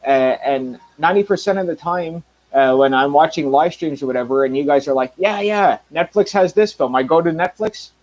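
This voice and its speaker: A man's voice: a little high, fairly quick, hardly any pauses, a little mellow, low-quality recording. Rambling Canadian man, casual monologue. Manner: rambling, frequent ums and restarts, blunt. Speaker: reviewer.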